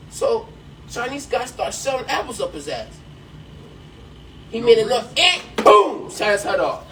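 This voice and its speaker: A man hosting a podcast, telling a long joke in an animated way and laughing along with it. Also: sits high, normal speed. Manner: animated storyteller who laughs at his own punchline. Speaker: podcast host. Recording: distant mic, faint background noise.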